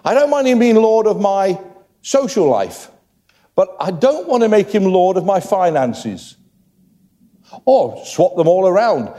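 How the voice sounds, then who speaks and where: A man's voice: sits high, very animated, measured pace, dark tone. An older man preaching a sermon and making chatty joking asides to the congregation. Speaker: pastor. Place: church hall. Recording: long church hall reverb.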